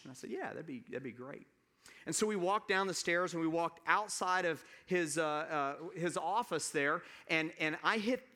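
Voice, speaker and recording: A pastor from the American South preaching a sermon, telling a personal story in a relaxed, conversational way with halting restarts and asides to the congregation. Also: male voice, a little high.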